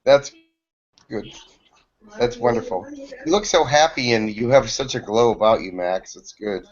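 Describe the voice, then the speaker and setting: A man's voice: mid-range voice, measured pace. A man hosting a group video call who chats in an easygoing way and laughs readily. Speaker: host. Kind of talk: casual chat in a video call. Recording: dull lo-fi call audio.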